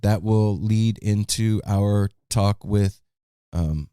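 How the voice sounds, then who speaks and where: An easygoing man hosting a podcast, with a lowish, mellow voice. His speech is smooth and clear. It sounds close and dry. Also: takes it slowly, no echo. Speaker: podcast host. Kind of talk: casual chat.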